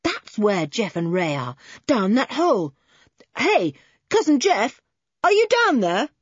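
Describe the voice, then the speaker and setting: Woman doing a level-headed teen boy in charge, husky, slightly muffled. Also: medium pitch, measured pace, dry recording. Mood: calling. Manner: calm and sensible. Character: sensible older schoolboy, leader of the group.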